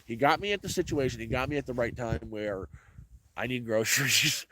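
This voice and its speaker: A man's voice: mid-range voice, normal speed, pauses often, fairly bright tone. A man talking casually to his viewers in a rambling way, restarting and repeating himself often. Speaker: vlogger. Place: rural off-grid homestead, cold.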